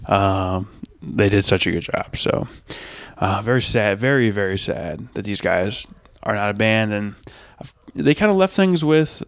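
A man's voice: fairly low pitch, lively intonation, a little slow, fairly bright tone, no echo. A man hosting his own podcast, talking alone about bands he loves in a rambling, enthusiastic way with many fillers. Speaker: podcast host. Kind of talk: solo podcast music review.

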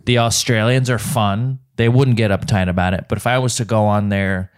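A man with a fairly low voice co-hosting a podcast. He chats casually and jumps into the conversation with animated remarks. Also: moderate pace, clear, resonant tone. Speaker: podcast co-host.

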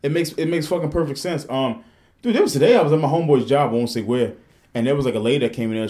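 A man's voice: mid-range voice, racing. Profane, rambling man on a podcast. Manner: profane, animated storytelling with rambling restarts. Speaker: podcast host. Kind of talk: casual podcast chat.

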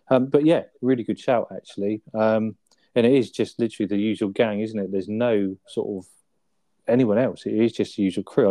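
Mellow-voiced man, chatty. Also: lowish voice, no echo. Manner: laughs as he retells scenes, many tag questions. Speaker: podcast co-host. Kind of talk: casual chat reviewing a sitcom episode.

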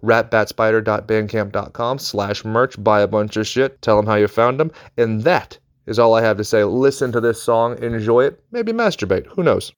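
A man's voice: lowish voice, steady tone, moderate pace, hardly any pauses, no echo. A nasal-voiced man hosting a podcast, rambling through plugs with crude jokes and self-deprecation. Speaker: podcast host. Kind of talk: casual podcast outro and plugs.

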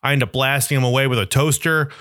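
A man's voice: medium pitch, steady tone, quick pace, fairly bright tone, clean tone, no room sound, clean studio sound. A young man in a casual comedic monologue, rambling and self-deprecating as he riffs into absurd bits.

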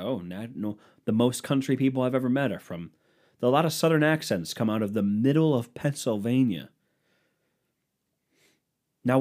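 A man's voice: lowish voice, darkish tone. A young man hosting a solo podcast, ranting sarcastically and crudely in a rambling way. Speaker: podcast host. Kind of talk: solo comedic rant.

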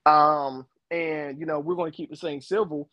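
A man's voice: a little high, steady tone, normal speed, dry recording, muffled recording. A middle-aged man co-hosting a casual faith talk, explaining with personal stories and everyday examples. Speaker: co-host.

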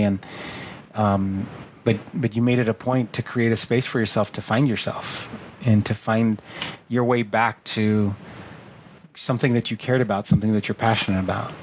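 A man hosting a podcast interview, supportive and reflective, often pausing with fillers. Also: lowish voice, level tone, a little hiss or hum. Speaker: podcast host.

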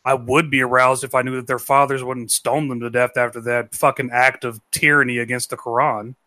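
A man's voice: mid-range voice, flat delivery, brisk, pushed and bright. A man in a casual panel chat, joking and swearing freely. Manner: joking, profane, puts on mocking voices. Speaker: panel guest.

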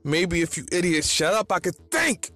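A man's voice: a little high, lively intonation, moderate pace, faint music behind, pitched above the performer's own voice, lightly acted. A man voicing a commanding, impatient faceless male monster leader in a read-aloud fan story. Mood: angry. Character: tall faceless male monster boss, stern.

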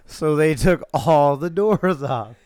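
A man telling a story in a casual chat, animated and laughing as he talks. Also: a little high, slow pace, no room sound, studio quality.

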